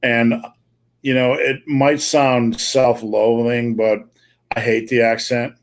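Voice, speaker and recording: A man's voice: medium pitch, little pitch movement, slow pace. A middle-aged man with a faint Wisconsin accent, hosting a live podcast over a call, blunt, profane and jokey. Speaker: podcast host answering viewer questions. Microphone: remote call.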